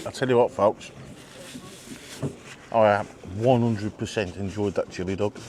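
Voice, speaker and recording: A British man hosts a casual outdoor food vlog at a marina, chatting and joking while he eats and reviews his meal. His voice is fairly low and darkish in tone, with slight background noise.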